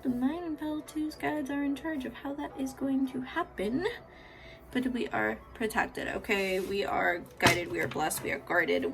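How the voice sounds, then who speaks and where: A young woman doing a casual tarot reading, swinging from hushed prayers to loud, laughing, swearing outbursts. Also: medium pitch, gravelly. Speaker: tarot reader.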